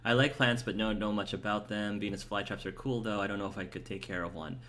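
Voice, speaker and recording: A man with a somewhat low voice talks his way through a video game. He is chatty and eager, answering his viewers and rambling with fillers as he goes. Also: fairly even intonation, quick pace, fairly bright tone, slight background noise. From United States. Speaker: let's play host. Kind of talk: casual gameplay commentary, reading chat aloud.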